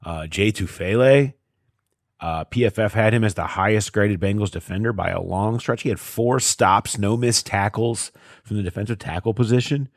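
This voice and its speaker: A man's voice: lowish voice, moderate pace, no echo, clean studio sound. A man, a sports reporter co-hosting a podcast, telling stories casually with lots of fillers and laughs. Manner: chatty storyteller, lots of fillers, laughs at his own stories.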